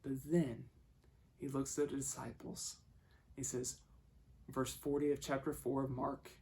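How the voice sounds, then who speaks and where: A man preaching a sermon, telling the story and acting out the voices he quotes, moving between hushed and loud passages. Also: medium pitch, little pitch movement, measured pace, long pauses.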